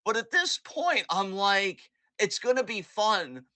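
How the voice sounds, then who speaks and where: A man co-hosting a wrestling podcast in casual chat, animated and profane, often acting out imagined dialogue. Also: high-pitched, slow pace, no room sound.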